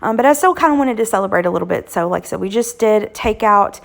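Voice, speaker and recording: A woman in her thirties or forties, a cooking channel host, hoarse from illness, chatting casually with lots of ums as she walks through weeknight dinners. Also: medium pitch, lively intonation, quick pace. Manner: chatty, homey, frequent "um" fillers. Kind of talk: casual cooking vlog narration.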